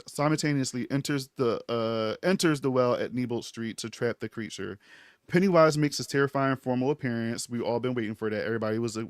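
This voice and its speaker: A man co-hosting a casual TV review podcast who talks in a relaxed way, often trailing off quietly. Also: mid-range voice, smooth, no room sound, clean studio sound. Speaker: podcast co-host.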